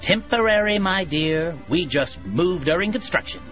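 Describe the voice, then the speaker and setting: A performer voicing a calm, smug male bug with a strange, otherworldly voice in an advertisement. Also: high-pitched, moderate pace. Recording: dull lo-fi audio with faint music.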